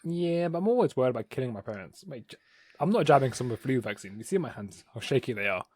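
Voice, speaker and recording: A man's voice: mid-range voice, animated, fast talker, darkish tone, no room sound, studio quality. A young man co-hosting a podcast, rambling and hesitant, often self-deprecating. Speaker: podcast co-host. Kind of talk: casual podcast chat.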